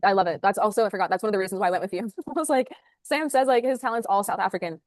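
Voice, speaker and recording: A woman, a sales manager, talking fast and upbeat as an interview guest over a video call, with lots of "like" fillers. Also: medium pitch, darkish tone, dry recording, studio quality. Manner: rapid, upbeat, full of "like" fillers.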